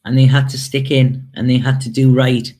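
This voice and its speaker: A man's voice: medium pitch, little pitch movement, normal speed, mellow. Hesitant man giving a spirit reading. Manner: hesitant and repetitive, with many fillers and emotional asides. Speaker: tarot reader. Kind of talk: intuitive spirit reading to camera.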